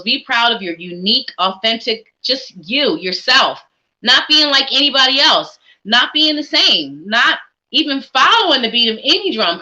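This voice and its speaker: A woman's voice: sits high, bright, forceful tone, highs cut off. A woman hosting a live psychic reading stream, talking in an upbeat, encouraging, chatty way. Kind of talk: casual live-stream chat.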